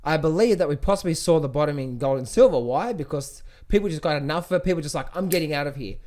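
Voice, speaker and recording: A middle-aged man giving casual market commentary as a trading educator, animated, often slipping into high mock voices of panicking traders. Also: quick pace. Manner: frequent fillers and restarts, addresses viewers as guys.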